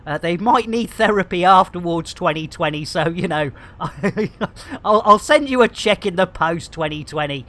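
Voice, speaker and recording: A woman's voice: lowish voice, animated, measured pace, a bit bright. A woman hosting a live game stream, rambling in a jokey, self-mocking and theatrical way.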